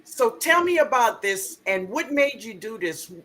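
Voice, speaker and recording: Slow, lively New woman hosting. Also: fairly high pitch. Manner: chatty, laughs often, greets viewers by name. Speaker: live stream host. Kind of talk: casual live stream chat.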